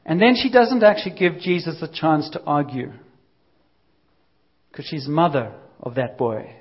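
A man's voice: fairly high pitch, unhurried, slightly rough, lo-fi sound. A man preaching a sermon, telling a Bible story in a conversational way and acting out the quotes.

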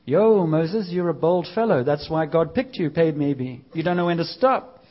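A man preaching a sermon in a church service, with a conversational, energetic delivery and lively quoted voices. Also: fairly high pitch, normal speed. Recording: dull lo-fi sound.

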